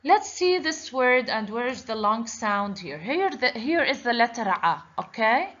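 A woman's voice: on the high side, sing-song, unhurried, fairly bright tone. A woman teaching a children's lesson on letters, patiently repeating each word and asking the class questions. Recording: dull lo-fi recording.

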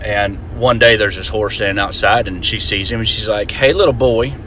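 A man telling a joke in an animated storytelling manner. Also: on the low side, moderate pace, a little hiss or hum.

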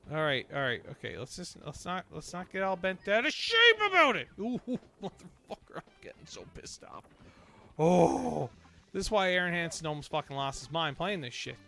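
A man playing a video game and commenting as he goes, swearing and blowing up in frustration, then talking himself back down into calm. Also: sits high, moderate pace, gravelly. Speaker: let's play host. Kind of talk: gameplay commentary. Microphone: desk microphone.

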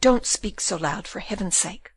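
A frightened young woman, tearful and pleading, voiced by a woman in an audiobook. Her mid-pitched voice is recorded dry, with no room sound. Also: lively intonation, normal speed, husky, no echo. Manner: sobbing, pleading.

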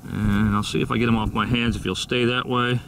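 A man's voice: medium pitch, flat delivery, a little fast, fairly bright tone, far from the mic, slight background noise. Easygoing man narrating outdoors. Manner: easygoing, enthusiastic, thinks aloud with fillers. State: a little out of breath. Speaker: vlogger. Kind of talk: outdoor nature vlog narration. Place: outdoors on a hillside.

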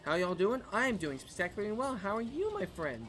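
Excitable chatty male game streamer. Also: high-pitched, a little fast. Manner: excitable, chatty, laughs often. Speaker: gaming streamer. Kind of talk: live gameplay commentary chatting with viewers. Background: faint background music.

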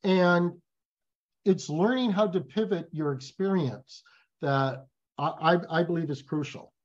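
A man speaks as a guest in a casual interview. He tells stories with animated emphasis. His audio sounds a little dull and muffled. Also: fairly high pitch, unhurried. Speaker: guest, business professor.

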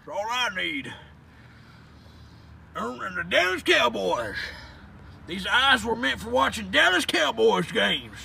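A man's voice: sits high, very animated, slow pace, creaky, long pauses, sharp tone, slightly rough. A man doing an absurd rambling comedy monologue, hollering and drawing out words between lots of fillers.

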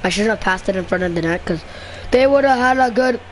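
A man giving excited commentary while playing a video game, trash-talking the players on screen. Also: high-pitched, brisk, slight background noise.

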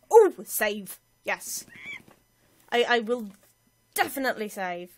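A woman chatting through a video game, self-mocking, with sudden excited cries. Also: a little high, slow pace, slight background noise. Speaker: let's play gamer. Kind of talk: casual gameplay commentary.

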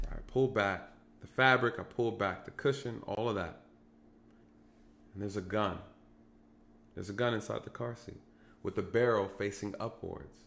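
Gravelly man telling a story to viewers. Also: fairly low pitch, fairly bright tone. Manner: addresses viewers directly, repeats phrases for emphasis. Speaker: vlogger recounting police work.

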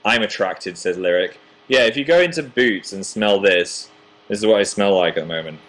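A man's voice: on the low side, moderate pace, a bit bright. Chatty young man reading live comments. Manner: chatty, self-deprecating, reads viewer comments aloud. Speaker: livestream host. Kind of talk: casual livestream chat reading comments.

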